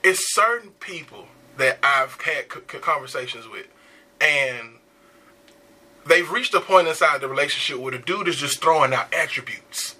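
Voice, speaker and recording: Bright, husky man chatting animatedly. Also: a little high, lively intonation, normal speed, rough recording. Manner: laughs often, earnest advice-giving. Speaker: podcast co-host. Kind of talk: casual chat.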